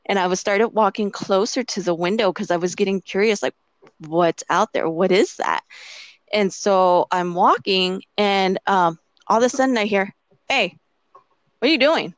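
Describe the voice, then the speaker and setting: A woman's voice: medium pitch, moderate pace, no echo. Chatty woman telling a story, dry sound. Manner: rambling with many "like" fillers; acts out quoted dialogue. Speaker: interviewee. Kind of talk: casual storytelling.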